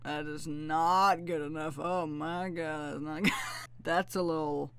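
A gaming YouTuber gives casual gameplay commentary at a measured pace, chatty and excitable with frequent laughs. Having just woken up, her voice sounds groggy and lower than usual, though the tone is clean.

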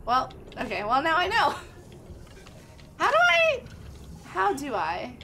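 A woman's voice: high voice, huge pitch swings, slow pace, vocal fry, noisy background. A young woman streaming a game live, thinking aloud in a chatty way and greeting her viewers by name. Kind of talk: live gameplay chat with viewers.

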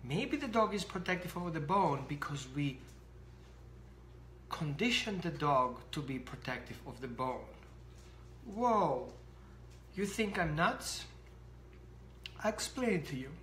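Animated dog trainer in an echoey room. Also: medium pitch, slow pace, long pauses, a little hiss or hum. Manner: animated, acts out scenes. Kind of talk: explanatory talk to camera.

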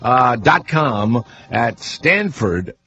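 A man's voice: mid-range voice, very animated, very slow, pushed and bright, faint music behind. A middle-aged man with a Southern accent hosting a talk radio show, blunt and profane, rambling between topics. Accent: American Southern. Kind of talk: casual talk radio chat.

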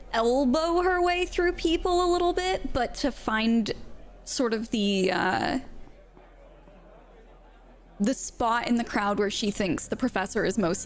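A woman playing a tabletop role-playing game, describing her character's actions and feelings in a hesitant, soft-spoken way. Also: on the high side. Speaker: player.

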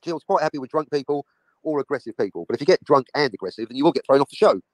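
Fast-talking combative man. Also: fairly high pitch, animated, darkish tone, no echo, low-quality recording. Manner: rambling, combative. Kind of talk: ranting casual chat.

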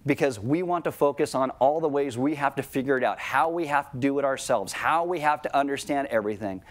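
Man preaching in a casual, conversational way. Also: mid-range voice. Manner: conversational preaching, slows down for emphasis. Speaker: pastor. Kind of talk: sermon.

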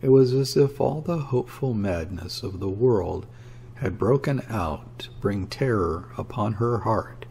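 A man narrating a classic story in a measured, dramatic reading. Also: lowish voice, animated, vocal fry, a little mellow, slight background noise. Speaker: audiobook narrator.

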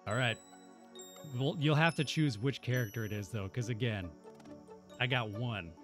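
A man's voice: mid-range voice, normal speed, faint music behind. A man hosting casual let's-play commentary, playful and jokey, reading game lines aloud. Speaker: gaming channel host.

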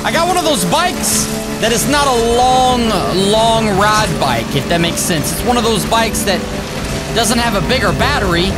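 An excitable man narrates his own gameplay in loose, rambling commentary, chatting to viewers as he goes. His pitch swings widely from low mutters to yelps, with game music playing underneath. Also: moderate pace. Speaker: gaming YouTuber. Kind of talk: let's play commentary.

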